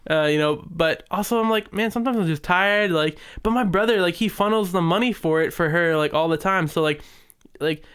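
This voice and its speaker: A man's voice: a little high, brisk, fairly bright tone, clean tone. Chatty young man telling rambling stories. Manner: rambling storytelling with lots of fillers and acted quotes. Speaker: podcast co-host. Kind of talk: casual chat.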